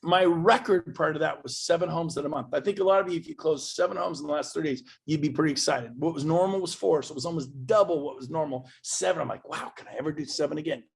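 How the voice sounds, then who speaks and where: A man speaking to an event audience as a motivational speaker, emphatic and swinging from loud bursts to quiet asides. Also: fairly high pitch, fast talker, gravelly, few pauses, husky.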